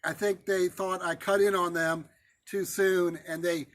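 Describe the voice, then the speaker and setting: Man, pastor, high-pitched, casual sermon storytelling, halting with fillers. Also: flat delivery, fairly bright tone. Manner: conversational, halting, many fillers and restarts.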